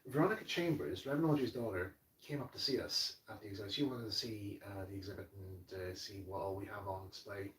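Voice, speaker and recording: A man's voice: on the low side, quick pace, hardly any pauses, fairly bright tone, distant mic. A man telling a rambling, emotional story to camera as a model railway hobbyist, stumbling over restarts and repeated words. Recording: echoey room, voice off-mic.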